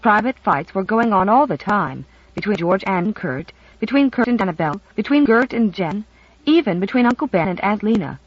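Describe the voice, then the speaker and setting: Audiobook narrator, expressive and lively in pitch, dry, dull sound. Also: normal speed, no echo. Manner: expressive storytelling.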